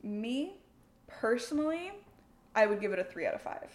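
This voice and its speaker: A woman's voice: fairly high pitch, very animated, normal speed, echoey room. A woman co-hosting a casual movie review podcast, blunt and opinionated, with lots of "like" in her speech. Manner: blunt, opinionated, says "like" often. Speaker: podcast co-host.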